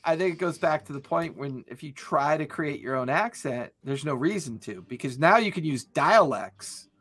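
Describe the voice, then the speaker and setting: A man's voice: a little high, expressive, moderate pace, fairly bright tone, slightly rough. A man hosting a casual chat about tabletop games, talking in long enthusiastic run-ons. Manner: rambling, enthusiastic, many restarts. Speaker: podcast host.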